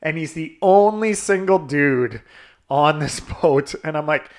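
A man's voice: a little high, measured pace. A man hosting a podcast, telling a crude story in casual chat, laughing often and swearing freely. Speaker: podcast host.

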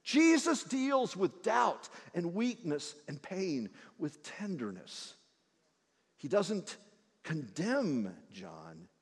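A man preaching a sermon from the pulpit, swinging between loud emphasis and hushed, quiet lines. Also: sits high, huge pitch swings, very slow, breathy edge. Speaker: pastor. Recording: long hall reverb.

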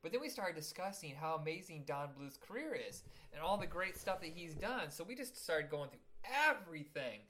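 A man's voice: a little high, expressive, brisk, few pauses, pushed and bright, slight background noise. A man hosting a casual podcast, joking crudely and rambling through stories. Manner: jokey, rambling, crude humor. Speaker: podcast host. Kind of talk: casual chat.

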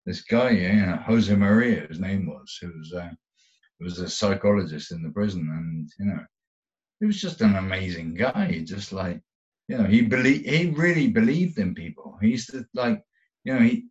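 A man with a low voice tells his story in a candid interview. He swears constantly and rambles, stopping and restarting his sentences. The sound is dull and lo-fi. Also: big pitch swings, normal speed. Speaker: guest.

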